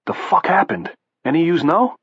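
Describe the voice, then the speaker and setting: A man voicing a gruff, bloodied, bald brawler, blunt and profane. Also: sits high, lively intonation, normal speed, no room sound, highs cut off, voice pushed up, exaggerated voice.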